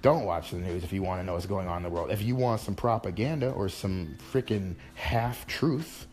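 Low-voiced guy ranting into the camera, rambly and exasperated, keeps restarting, faint music under him. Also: moderate pace, a little mellow. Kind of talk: casual ranting monologue.

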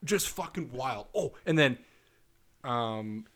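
A man's voice: mid-range voice, slow pace. A young man co-hosting a podcast, telling a crude dating story in casual banter, acting out both sides of a text chat and swearing often. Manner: animated storytelling, swears a lot, acts out text exchanges. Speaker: podcast co-host.

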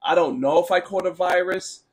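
A man's voice: sits high, moderate pace. A man hosting a casual sports talk stream, ranting bluntly and sarcastically while answering chat, with a sore throat. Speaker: sports talk show host.

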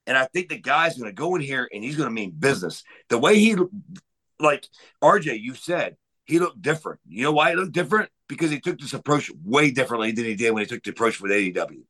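A man's voice: mid-range voice, very animated, fast, fairly bright tone, poor audio. A man on a podcast giving a heated, profane rant about pro wrestling. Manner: heated, profane, emphatic ranting.

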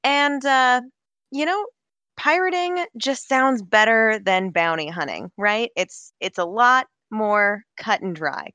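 Bright-voiced woman, breezy player. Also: fairly high pitch, dry recording. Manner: breezy, joking, with fillers. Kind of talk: describing her character, casual.

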